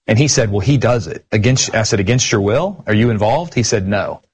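A man's voice: on the low side, brisk, husky. A man hosting a casual discussion of scripture, retelling past exchanges in a conversational way. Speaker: podcast host.

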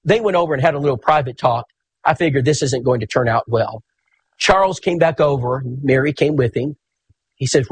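A man, preaching in a folksy, animated storytelling sermon. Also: mid-range voice, normal speed, slightly rough.

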